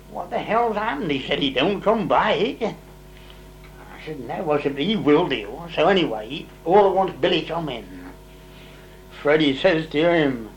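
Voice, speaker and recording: An older man spins a long, rambling farm story in easy dialect. His voice sits fairly high for a man, and a faint hum runs underneath it. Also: low-quality recording. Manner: rambling, dialect grammar, lively when voicing others' words. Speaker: interviewee telling old farm stories. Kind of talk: casual storytelling.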